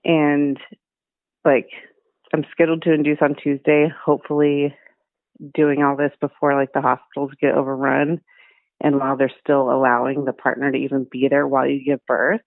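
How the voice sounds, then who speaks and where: A woman's voice: extremely low pitch, level tone, normal speed, no room sound. A heavily pregnant woman calling into a podcast, chatting and telling her story. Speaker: caller. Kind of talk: casual chat. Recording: tinny phone line.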